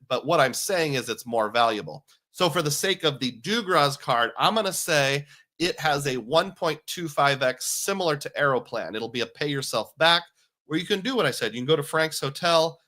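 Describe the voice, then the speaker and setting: A man's voice: medium pitch, bright, forceful tone. A man hosting a casual livestream, talking in a chatty, jokey, self-deprecating way and reading out viewer comments. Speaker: host.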